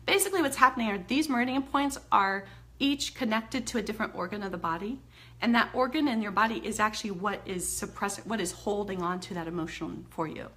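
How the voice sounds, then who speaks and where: A woman teaching an emotional tapping technique in a chatty, expressive way, laughing often and acting out venting as examples. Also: mid-range voice, quick pace. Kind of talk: instructional talk demonstrating tapping.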